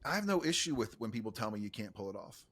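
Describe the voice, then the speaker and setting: A man's voice: lowish voice, very animated, fast talker, a crowd in the background. A man hosting a podcast, chatting enthusiastically and casually, full of "like" and "dude". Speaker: podcast host, coach. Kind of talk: casual interview chat.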